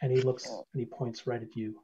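A man's voice: mid-range voice, level tone, fairly quick, dark tone, muffled recording, slight background noise. A man narrating as game master of a tabletop game, describing scenes with many fillers.

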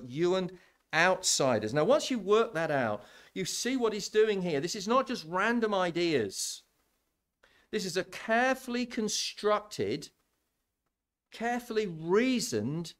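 Man, preaching, bit high-pitched, swooping intonation, conversational, repeats words. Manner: animated, conversational, repeats words when building a point. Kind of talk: sermon. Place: church.

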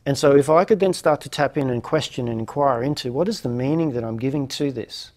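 A man's voice: medium pitch, fairly quick, darkish tone. A man hosting a reflective lecture series, musing aloud with many fillers and restarts. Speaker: host of a non-duality lecture series.

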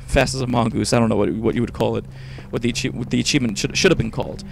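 A man's voice: medium pitch, fairly even intonation, racing, creaky, few pauses, noisy background. Exasperated young man ranting over a game. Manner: exasperated, swearing, rambling. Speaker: host. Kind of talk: casual gaming commentary.

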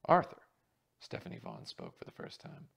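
A man quietly reading a mystery novel aloud as narrator. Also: fairly low pitch, expressive, moderate pace, gravelly, husky. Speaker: reader.

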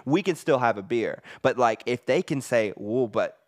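A man from the United States, a recording artist as podcast guest, telling rambling, animated stories in casual chat. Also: mid-range voice, normal speed, no echo, studio quality. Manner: rambling, animated storytelling with laughs.

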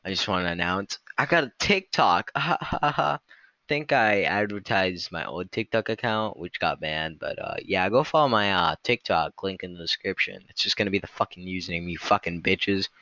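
A man's voice: deep voice, moderate pace, bright, forceful tone, no room sound, dull audio. A young man casually reacting to a video, swearing constantly and mocking what he watches. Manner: profane, mocking, jokey.

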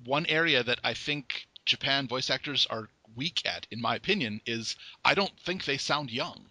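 Bright-voiced male host, dry sound. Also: medium pitch, moderate pace, no echo. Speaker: podcast host. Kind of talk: casual interview chat.

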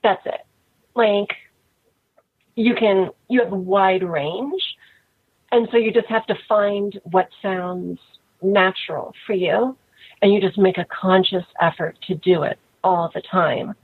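A woman in her thirties speaks as an interview guest, frank and relaxed, with "like" dropped all through her talk. Her husky voice comes through thin and tinny, like a phone line. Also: medium pitch, slow, no echo. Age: 30s. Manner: frank, relaxed, many "like" fillers.

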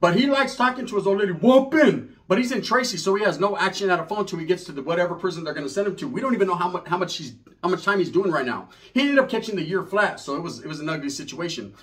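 A man telling a comic story in an animated, profane way, full of street slang and Spanish words. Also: high voice, fast talker, few pauses. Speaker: comedian storyteller.

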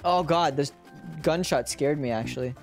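A streamer giving casual gameplay commentary, excitable and joking, who talks back to the game. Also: medium pitch, normal speed, music in the background.

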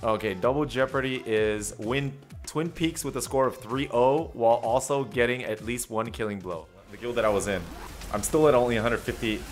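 Male gameplay streamer, mid-pitched, hyped and jokey commentary, clear game music under the voice. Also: moderate pace. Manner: excited, chatty, jokey, lots of "dude" and "man".

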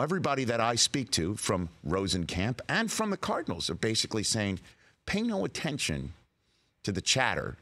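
Sports talk host, male, lively and bright, riffs with mock drama. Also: deep voice. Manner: animated, mock-dramatic, playful riffing. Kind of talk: sports talk radio monologue.

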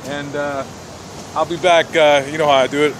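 A man's voice: a little high, level tone, moderate pace, noisy background. A tired man rambling and ranting crudely in a vlog, recorded outdoors in a city. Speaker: vlogger.

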